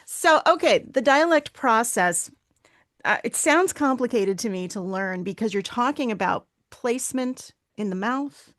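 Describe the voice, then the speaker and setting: A woman's voice: on the high side, lively intonation, measured pace, fairly bright tone, no room sound, clean studio sound. A woman hosting an interview podcast, chatting casually and encouraging her guest. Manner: chatty, encouraging, frequent backchannel and laughs. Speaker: podcast host. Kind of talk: conversational interview.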